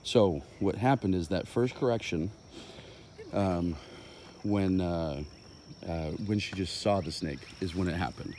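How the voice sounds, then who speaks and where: A man with a fairly low voice talks through dog training ideas while out on a walk, rambling and pausing with many fillers. The outdoor recording carries a faint bed of insects and crickets behind him. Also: darkish tone, slight background noise. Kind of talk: impromptu explanatory talk on a walk.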